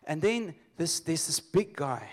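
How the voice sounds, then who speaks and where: Male preacher with a higher-pitched voice. He leads call-and-response and tells stories loosely. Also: measured pace. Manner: lively call-and-response, laughs often; storytelling, loose restarts. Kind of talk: sermon. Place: church congregation.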